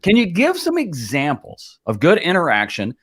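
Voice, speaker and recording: A middle-aged man co-hosting a live stream with loose, joking banter. His pitch swings widely from line to line, and he is quick with a playful aside as he greets viewers. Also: wildly swooping pitch, breathy edge. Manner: jokey, playful, slips into silly accents. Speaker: co-host.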